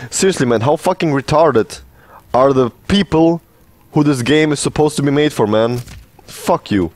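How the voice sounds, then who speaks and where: A man's voice: a little high, lively intonation, normal speed, darkish tone. A man giving a profane, sarcastic rant as gameplay commentary, mocking the game he is playing. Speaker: gaming channel host.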